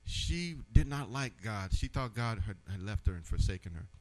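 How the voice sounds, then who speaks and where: A man giving a personal testimony in church, telling his story with animated storytelling and acting out the voices. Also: lowish voice, moderate pace, low-quality recording.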